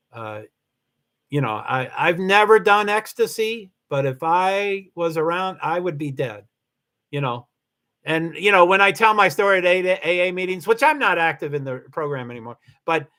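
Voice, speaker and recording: An older man hosting a casual livestream. He reads viewer comments aloud and rambles off topic, with many fillers and restarts, and his voice jumps high when he gets excited. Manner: big swings in pitch, rising high when excited. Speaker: livestream host.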